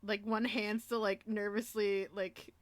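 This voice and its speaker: A woman's voice: mid-range voice, little pitch movement, dry recording. Giggly woman full of filler words. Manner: fast, giggly, lots of "like" fillers. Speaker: tabletop role-play player. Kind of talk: casual collaborative role-play narration.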